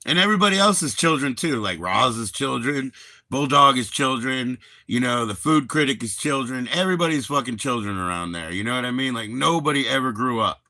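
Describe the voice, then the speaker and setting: A man's voice: medium pitch, animated, brisk, bright, forceful tone, no echo. A man hosting a livestream, chatting casually in a rambling, profane, laid-back way. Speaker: livestream host.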